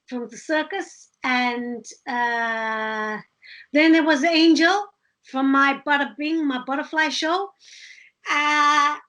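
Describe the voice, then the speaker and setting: A woman, a street performer, chatting in a casual podcast interview, telling lively stories and laughing often. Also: high-pitched, highs cut off. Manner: animated, laughing storyteller.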